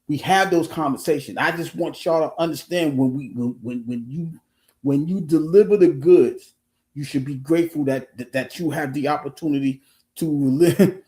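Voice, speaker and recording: A man's voice: fairly high pitch, moderate pace, a little mellow, roomy sound. A man talking earnestly on his own livestream, restarting his sentences often and swearing casually. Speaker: live streamer. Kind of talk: casual motivational livestream talk.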